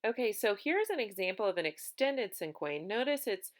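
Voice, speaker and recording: A woman's voice: mid-range voice, very animated, normal speed. A young woman teacher giving a recorded remote lesson, talking casually with many ums and likes.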